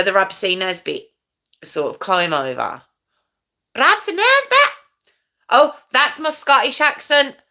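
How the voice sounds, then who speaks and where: A woman's voice: mid-range voice, vocal fry, bright, forceful tone. A woman hosting a live stream, chatting casually with her viewers and answering their comments, laughing often.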